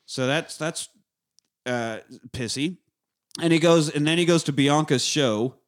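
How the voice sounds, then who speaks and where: Animated man retelling a movie. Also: on the high side, measured pace. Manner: animated retelling, acting out lines with voices; swears freely. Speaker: podcast co-host recapping a film. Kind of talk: casual chat.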